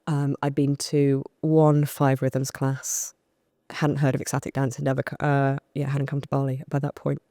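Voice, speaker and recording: In a clean studio recording with no echo, a UK coach appearing as a podcast guest speaks at a normal pace in a rumbling low voice. She tells frank, self-mocking tales about her earlier life, vividly acting out past scenes in conversation.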